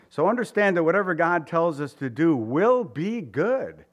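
A man's voice: a little high, expressive, normal speed, hardly any pauses. Man preaching a conversational sermon. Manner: conversational preaching with rhetorical questions and voiced quotes. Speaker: pastor.

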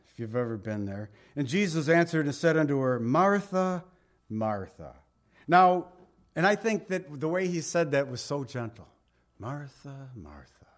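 A man delivers a sermon in a relaxed, chatty way, putting friendly questions to the listeners as he goes. His voice sits a little higher than most men's. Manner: folksy, conversational preaching with asides and laughs. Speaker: pastor.

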